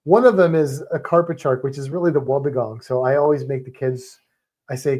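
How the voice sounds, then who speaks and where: A man co-hosting a livestream, chatting casually with viewers in a rambling, animated way and often breaking off mid-sentence. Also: medium pitch, a little fast. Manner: rambling, self-interrupting, animated storytelling. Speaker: livestream co-host.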